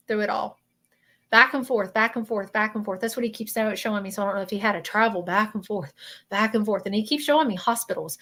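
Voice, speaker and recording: Southern american woman, psychic medium, live reading, earnest, halting, apologetic. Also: medium pitch, a bit bright. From Southern United States.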